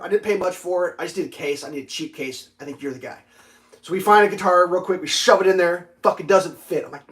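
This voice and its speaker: Man, livestream host, casual storytelling, profane, animated, slightly high voice. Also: very fast. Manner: animated, swearing, acts out dialogue loudly.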